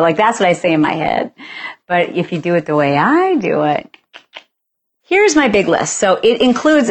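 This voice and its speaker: A woman in her forties hosting a podcast, chatty and animated, casually talking through her routine and acting out bits of dialogue. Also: lowish voice. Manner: chatty, animated, acts out dialogue with playful exaggeration. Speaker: podcast host. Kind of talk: casual solo talk.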